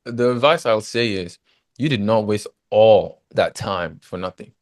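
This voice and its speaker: A man with a fairly low voice tells his story in a relaxed interview, animated and leaning on "you know" between phrases. He was recorded close and dry, with no room sound behind him. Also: a little slow, dry recording. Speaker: guest, former footballer turned agent.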